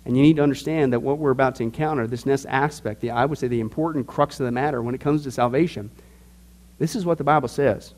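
A man's voice: mid-range voice, fast, darkish tone. A man teaching a Bible study class in a casual, emphatic way, cracking jokes and asking the group questions.

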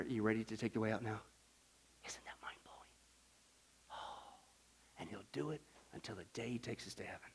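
A man preaching a sermon as pastor, animated and humorous, asking the congregation questions and acting out little scenes. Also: medium pitch, vocal fry, breathy edge.

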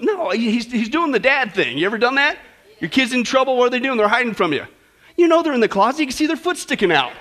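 Male preacher, humorous sermon delivery, quizzes the congregation, sharp high tone. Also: very animated, fast. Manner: conversational, asks listeners questions, jokes. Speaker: pastor.

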